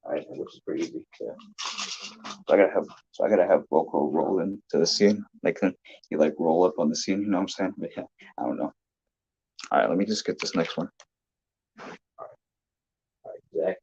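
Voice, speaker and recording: A man's voice: deep voice, fairly even intonation, fast, darkish tone, a little hiss or hum. A man filming toy trains at home, chatting casually on a phone live-stream and often correcting himself. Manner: rambling, self-correcting. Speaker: hobby toy-train filmmaker. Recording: dull lo-fi phone audio.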